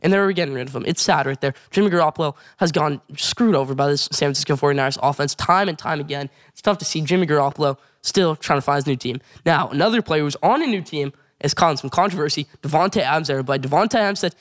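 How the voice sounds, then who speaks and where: A man hosting a casual sports show, recapping games and news with excited, rapid play-by-play. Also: high-pitched.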